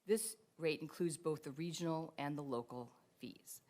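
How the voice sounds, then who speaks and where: Low-voiced woman reading a staff report. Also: a little mellow. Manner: measured, formal. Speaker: staff presenter.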